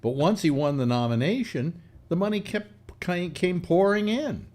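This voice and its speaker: A man's voice: high voice, moderate pace, darkish tone. A man hosting a casual political chat over a video call, argumentative and steering the talk. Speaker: show host.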